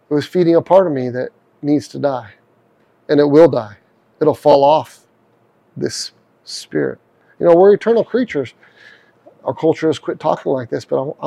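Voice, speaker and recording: A man's voice: fairly high pitch, creaky, warm tone, rough recording. A middle-aged man hosting a devotional podcast, preaching in an earnest, conversational way. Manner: earnest, conversational, voices prayers aloud. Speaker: podcast host.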